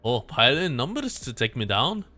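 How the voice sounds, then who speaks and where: A man's voice: medium pitch, big pitch swings, moderate pace, bright, forceful tone, faint music behind. A man voicing a bold, cheerful young woman lancer with brash, teasing taunts in a game story reading. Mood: taunting.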